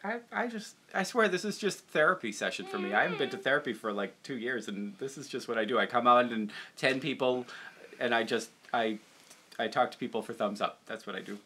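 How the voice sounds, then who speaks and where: A man's voice: medium pitch, lively intonation, sharp tone, a little hiss or hum. A young man from the Boston area, a puppeteer hosting a casual livestream chat, rambling and self-deprecating. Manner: rambling, self-deprecating, quick to jump into voices.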